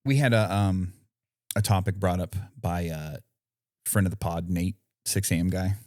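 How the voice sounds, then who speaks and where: Deep-voiced laid-back podcast co-host. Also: male voice, normal speed, a little mellow, no room sound, studio quality. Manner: laid-back, swears casually. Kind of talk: casual chat.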